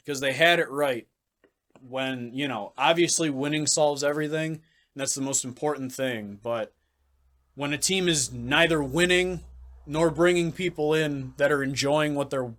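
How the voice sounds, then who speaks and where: A man's voice: a little high, fairly bright tone. Blunt, ranting man podcasting. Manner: blunt, ranting, swears freely. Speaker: podcast co-host. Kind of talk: casual sports chat.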